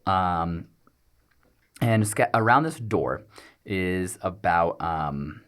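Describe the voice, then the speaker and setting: Lively low-voiced man running the game. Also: drawn-out words. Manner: hesitant, many ums while describing scenes. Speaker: game master. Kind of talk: narrating a tabletop game.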